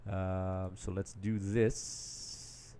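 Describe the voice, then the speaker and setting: A man hosting a live football watch-along, chatting straight to viewers and often dropping into quiet mutters while he multitasks. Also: deep voice, flat delivery, very slow, clean tone. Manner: distracted, multitasking while commenting; trails off into quiet mutters and restarts. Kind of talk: casual live match commentary.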